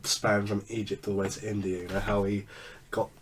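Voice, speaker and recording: A man's voice: fairly low pitch, flat delivery, a little fast, recorded from a distance, slight background noise. A man co-hosting a casual podcast chat, rambling with lots of fillers and restarts. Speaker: podcast co-host.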